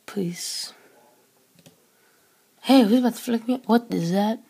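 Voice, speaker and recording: A woman's voice: on the high side, slow pace, vocal fry, dark tone, husky. A young woman chatting with strangers over a webcam, teasing them with mock-tough taunts. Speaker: chatroulette vlogger. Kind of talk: casual webcam chat.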